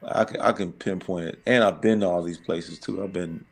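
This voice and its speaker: A man's voice: low voice, fairly even intonation, normal speed, vocal fry, soft background music. An American man chatting casually, sure of himself, often repeating words as he starts. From United States. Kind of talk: casual group chat.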